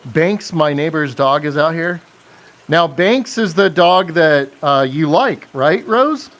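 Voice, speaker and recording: A man in easygoing live-stream chat mode, talking at a relaxed, slow pace. His voice sits a bit on the higher side, and he reads out viewer comments and laughs along with them.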